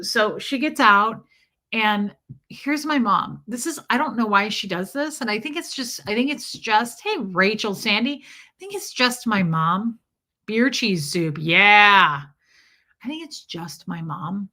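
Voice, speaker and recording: A woman with a medium-pitched, pushed and bright voice hosts a casual livestream. She rambles through a story, greeting viewers by name mid-sentence.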